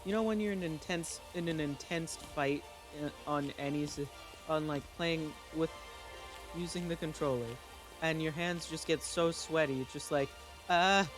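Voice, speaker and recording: A man casually telling a spooky story in an excitable, halting way, full of restarts and exclamations. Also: fairly high pitch, music in the background. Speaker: channel host.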